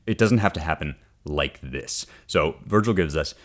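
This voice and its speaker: A man with a low voice talks through a classic poem as a podcast host. He sounds casual and animated, drops wry asides, and keeps checking in with his listeners. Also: moderate pace. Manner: conversational, often checks in with "right?"; wry and animated, reads passages aloud then unpacks them.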